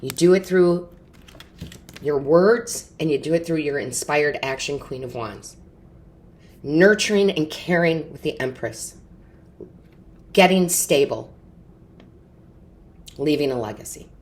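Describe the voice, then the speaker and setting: A woman's voice: sits low, animated, slow pace, long pauses, a little mellow. A woman giving an intuitive tarot reading straight to camera, earnest and emotional, often checking in with "right?" and "okay?". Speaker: tarot reader and medium.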